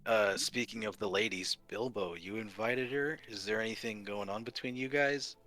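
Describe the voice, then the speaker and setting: A man's voice: lowish voice, normal speed, pushed and bright. A man playing a tabletop game, bantering in character in a cocky, joking way. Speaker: tabletop player.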